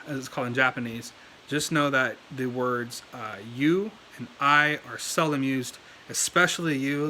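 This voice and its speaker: A man's medium-pitched voice comes across pushed and bright, with a little hiss or hum, as he hosts a language learning video. Talking loosely on camera with plenty of fillers and restarts, he moves around in his chair at his desk setup.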